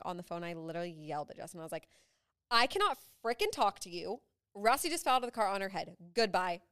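Smooth-voiced young mom, chatty. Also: female voice, lowish voice, dry recording, clean studio sound. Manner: bubbly, laughing, storytelling. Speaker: podcast co-host. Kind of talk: casual chat.

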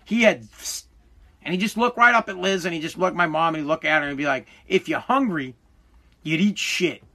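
A man's voice: fairly high pitch, expressive, fast talker, bright, forceful tone. A man in his forties hosting a podcast, giving an emphatic, profane motivational monologue full of restarts. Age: 40s. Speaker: podcast host.

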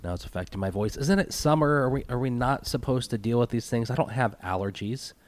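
Speaking fairly quickly at a medium pitch, a man kicks off his podcast alone in a relaxed way. He's nasal and blocked up from a cold, meandering through his intro with jokes at his own expense.

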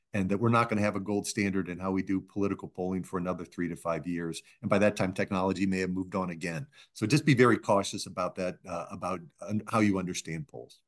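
A middle-aged man, a pollster being interviewed, telling anecdotes in a measured way and acting out the people he quotes. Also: deep voice. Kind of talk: anecdotal storytelling in a podcast interview.

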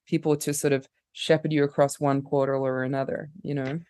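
Give me a mid-pitched speaker in candid, rambling casual chat, with a dry sound. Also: level tone, a little fast, a little mellow, dry recording. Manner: candid, profane, rambling with many fillers.

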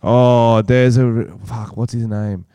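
A man's voice: mid-range voice, little pitch movement, takes it slowly, mellow, clean tone, no room sound. A young man co-hosting a podcast in casual, crude chat, swearing and laughing often. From Australia. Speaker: podcast co-host.

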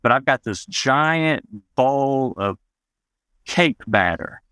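A man's voice: medium pitch, expressive, slow pace, pushed and bright, clear, resonant tone, no room sound. A man from Arkansas, telling a personal story as an interview guest in a loose, reflective way, with many "you know" fillers, raising his voice to act out the people he quotes. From Arkansas, USA.

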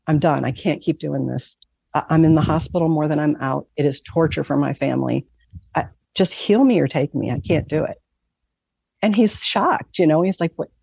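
A woman candidly telling a personal story as an interview guest, earnest and often breaking into soft laughs. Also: sits low, gravelly, breathy edge, no room sound. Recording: dull lo-fi recording.

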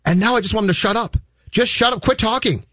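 A man's voice: high-pitched, fast, pushed and bright, no echo, clean studio sound. A man co-hosting sports talk radio, ranting in an exasperated, emphatic way.

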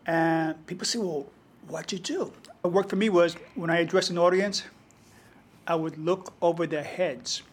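A man's voice: on the high side, normal speed. A man with a New York Bronx accent, telling stories as a guest in an interview. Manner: animated anecdotal storyteller. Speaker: guest storyteller and poet. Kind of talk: conversational interview storytelling.

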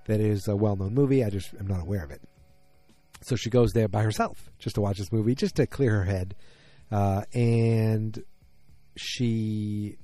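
Man, slightly low voice, mellow tone, casual rambling recap, self-correcting, faint music behind. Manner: rambling, self-correcting, loose slangy talk. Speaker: TV episode recapper.

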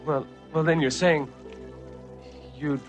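A man's voice: fairly high pitch, fairly even intonation, takes it slowly, faint music behind. An actor playing an earnest young male hero in an old film, speaking in a hesitant, earnest way. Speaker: film character. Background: film score.

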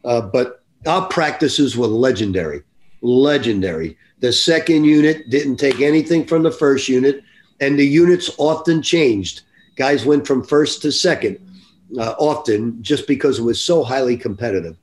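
An older man speaks as a guest on a podcast, telling his stories in an earnest, reflective way. His voice sits at an ordinary middle pitch. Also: moderate pace, a little mellow. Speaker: basketball coach, guest. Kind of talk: podcast interview.

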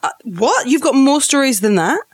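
A woman's voice: high voice, very animated, slightly rough, dry recording. A woman, co-hosting a podcast in a casual, teasing chat. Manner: teasing, quick interjections. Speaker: podcast co-host.

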